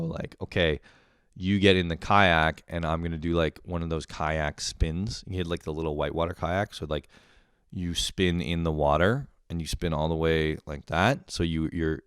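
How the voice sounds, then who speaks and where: A man's voice: sits low, clear, resonant tone, no room sound, studio quality. A young man telling a rambling, profane story in a casual monologue, often laughing at himself. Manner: rambling, swears a lot, laughs at his own stories. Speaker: podcast host.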